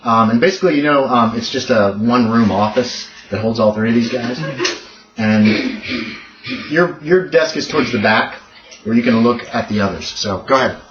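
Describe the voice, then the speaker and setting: Relaxed man running a tabletop game. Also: mid-range voice, moderate pace, background noise. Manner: relaxed, coaching players with fillers. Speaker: game master. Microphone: webcam mic. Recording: echoey room, far from mic, muffled.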